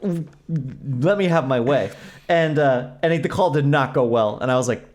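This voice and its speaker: A man's voice: medium pitch, a little slow. A young adult man co-hosting a podcast, chatting casually and acting out the people in his story. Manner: animated storytelling, acts out quoted exchanges. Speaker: podcast co-host. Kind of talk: casual chat.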